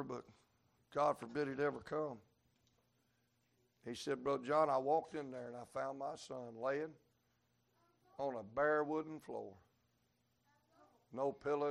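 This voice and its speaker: A male preacher delivering a revival sermon, storytelling in a folksy way and breaking into sudden shouts. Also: medium pitch, vocal fry. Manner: preaching with sudden shouted peaks and Southern folk sayings.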